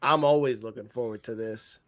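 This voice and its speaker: A man co-hosting a casual wrestling review show, animated and joking, swearing freely. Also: mid-range voice, moderate pace. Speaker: podcast co-host.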